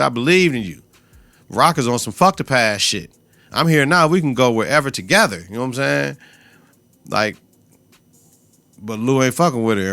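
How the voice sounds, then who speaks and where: A man's voice: medium pitch, a bit bright, smooth, no room sound. A man hosting a podcast, giving a loose, slang-heavy, profane recap of a TV episode into a close mic. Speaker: podcast host.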